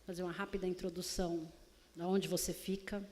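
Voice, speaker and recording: A woman from Brazil moderating a festival debate, cutting in with brisk, conversational remarks. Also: on the low side, little pitch movement, a little mellow. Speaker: panel moderator. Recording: distant hall reverb with faint noise.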